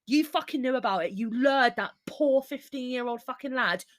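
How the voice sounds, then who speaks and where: A woman's voice: high-pitched, normal speed. A woman hosting a true-crime podcast in casual chat, speaking, blunt and swearing freely as she laughs through the story. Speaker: podcast host.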